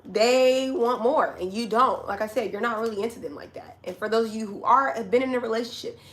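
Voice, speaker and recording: A woman's voice: a little high, brisk. Chatty woman giving a tarot reading. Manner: chatty, direct, calls listeners honey and child. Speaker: tarot reader. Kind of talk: casual collective tarot reading. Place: home.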